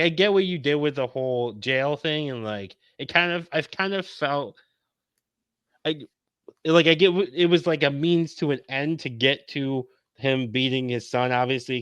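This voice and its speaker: A man's voice: mid-range voice, a bit bright, clean tone, dry recording. A man co-hosting a podcast, joking casually and swearing for emphasis. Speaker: podcast co-host.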